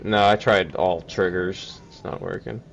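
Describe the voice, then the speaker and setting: A man's voice: low voice, fairly even intonation, unhurried, vocal fry, slight background noise. A man streaming a co-op game, chatting casually, swearing and laughing often. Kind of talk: casual co-op gameplay chat.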